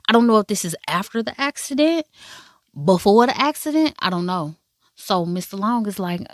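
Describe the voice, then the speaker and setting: A woman giving a casual, profane and animated recap of a drama, with asides in a high voice. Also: fairly quick, no echo, studio quality. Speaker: drama reviewer.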